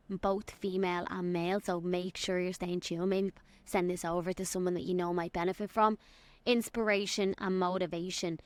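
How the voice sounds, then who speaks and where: A young woman from Dublin with an Irish accent, hosting a solo podcast and giving an excited, rambling life update. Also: on the low side, no room sound. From Ireland. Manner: excited, rambling, quotes people in little acted voices. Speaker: podcast host and fitness coach.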